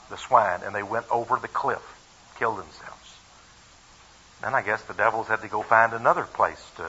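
Preacher guy on old lo-fi radio, bright voice with a husky edge, folksy and emphatic. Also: medium pitch. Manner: folksy, emphatic storytelling with chuckles. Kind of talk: sermon retelling a Bible story. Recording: dull, lo-fi radio broadcast.

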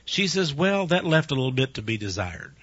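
An older man preaching a chatty radio sermon, laughing often and telling stories with animated ups and downs. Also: fairly high pitch, fairly quick, slight background noise. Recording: dull, lo-fi dry radio recording.

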